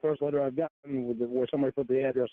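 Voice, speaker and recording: A man's voice: mid-range voice, steady tone. Defensive man over a tinny phone. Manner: halting, defensive. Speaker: caller.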